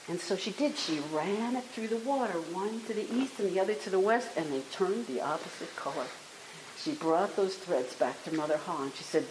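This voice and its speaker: Animated woman telling a folktale. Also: on the low side, brisk. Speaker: storyteller. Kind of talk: oral folktale storytelling. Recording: echoey room with faint hiss.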